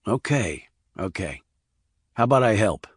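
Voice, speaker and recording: A man reading the part of a calm, blunt male army investigator, terse and level. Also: medium pitch, moderate pace, dry recording, clean studio sound, natural voice. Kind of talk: audiobook character reading.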